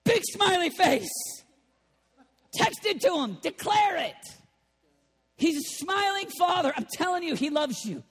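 A man preaching a lively sermon, animated and playful, bursting into shouts. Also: very high-pitched, a little slow, pauses often. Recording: long reverb of a large hall.

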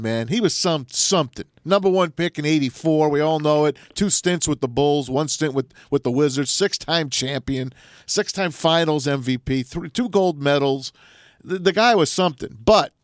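A man in a radio studio hosting sports talk, his voice sitting a little high. He talks in a brash, emphatic way, trading jokey banter with his co-host. The sound is dry and close. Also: moderate pace, no room sound. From New Jersey.

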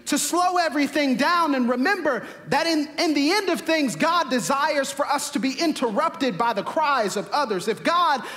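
A man's voice: very high-pitched, animated, normal speed, hardly any pauses, bright, forceful tone, big-room sound. A man preaching a sermon to his church, building his points through emphatic repeated questions. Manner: preaching with rising, emphatic repetition. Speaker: pastor. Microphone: camera mic, livestream to viewers.

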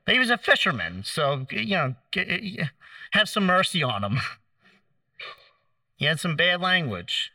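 Man preaching, slow unhurried delivery, very bright voice, storytelling sermon, set back from the mic. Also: high voice, sing-song, gravelly, no echo, distant mic. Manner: storytelling, acts out quotes, gentle humor.

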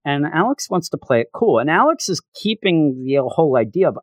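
A man talks through a comic book issue in a loose, rambling recap. His pitch moves a lot as he goes, and the sound is dry and close. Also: fairly quick, hardly any pauses, no echo. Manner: rambling, animated. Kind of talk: casual recap.

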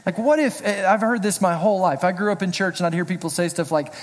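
A middle-aged pastor giving a casual, joking sermon, telling personal stories in a chatty way. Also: male voice, sits high, quick pace, hardly any pauses. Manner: chatty, storytelling, self-deprecating jokes. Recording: reverberant hall.

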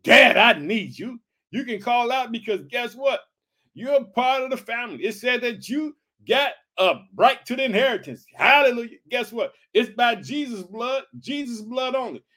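A man from Illinois preaching an energetic podcast sermon, fervent and repetitive, calling out to his listeners again and again. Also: very high voice, normal speed. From Illinois, United States. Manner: fervent, repetitive calls of "guess what" and "hallelujah".

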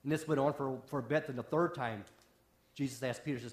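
A man preaching a sermon as a pastor, impassioned, swinging from raised intensity down to a near hush. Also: mid-range voice, fairly even intonation, fairly quick. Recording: roomy echo.

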